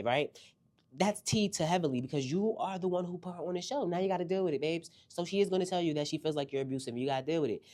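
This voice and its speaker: A man hosting a casual reality TV recap, animated and slangy, talking straight to his viewers. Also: fairly high pitch.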